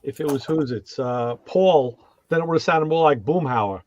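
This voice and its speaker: A man's voice: a little high, normal speed, a little mellow, highs cut off. A man chatting and joking casually as a co-host in a group conversation. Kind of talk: casual chat.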